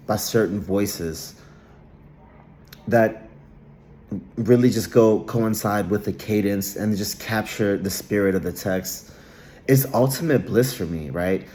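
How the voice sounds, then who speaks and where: A man's voice: on the low side, darkish tone, a little hiss or hum. A man giving a casual solo monologue, rambling with frequent restarts and repeated words. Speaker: vlogger.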